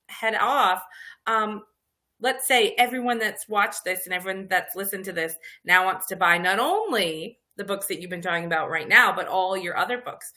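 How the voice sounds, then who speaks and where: A woman's voice: medium pitch, bright, forceful tone. A woman hosting an interview, enthusiastic with a few hesitant fillers. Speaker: podcast host. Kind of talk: casual interview chat.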